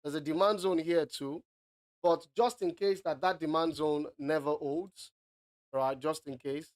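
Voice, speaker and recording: A man's voice: on the high side, fairly even intonation, measured pace. A man from Africa giving live forex market analysis on a stream, teasing his viewers and checking in often. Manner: playful and teasing, peppers speech with "all right".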